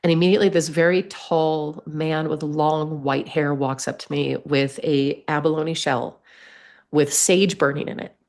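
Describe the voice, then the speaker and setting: A woman telling a personal story as a podcast guest, lively, acting out the voices she quotes. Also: low-pitched, unhurried. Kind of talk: storytelling in conversation.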